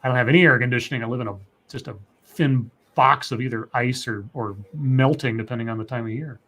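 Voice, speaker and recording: A man's voice: mid-range voice, steady tone, fast, a bit bright. A man co-hosting a live stream, reading viewer messages aloud and chatting in a rambling way with many restarts. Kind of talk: casual live-stream chat.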